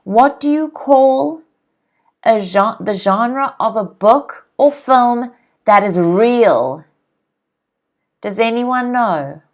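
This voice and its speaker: A woman teaching English on a live stream, speaking slowly and clearly and repeating each word for students to copy. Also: a little high, lively intonation, a little mellow. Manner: slow, clear, repeats words for pronunciation drills. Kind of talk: live-streamed vocabulary lesson.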